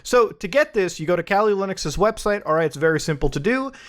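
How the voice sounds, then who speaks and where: High-voiced, energetic male tech YouTuber. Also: fast. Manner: energetic, keeps tacking on "okay?". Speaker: YouTube host. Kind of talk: casual tech commentary.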